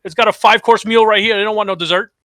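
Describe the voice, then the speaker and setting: A man co-hosting a casual podcast, telling jokey stories in an animated way. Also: high voice, quick pace, dry recording. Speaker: podcast co-host, streamer.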